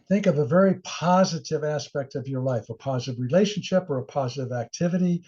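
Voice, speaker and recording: A middle-aged man with a slightly high, husky voice presents a recorded training webinar, earnest and encouraging, and he sometimes acts out the inner voices he quotes. His tone is soft and dark rather than bright. The recording sounds dull and lo-fi.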